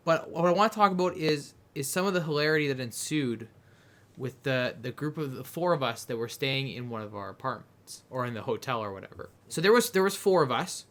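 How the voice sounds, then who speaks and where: A young man from Canada telling a long, animated anecdote on a podcast, rambling and often breaking into laughter. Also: medium pitch, a little fast. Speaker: podcast host. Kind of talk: casual storytelling chat.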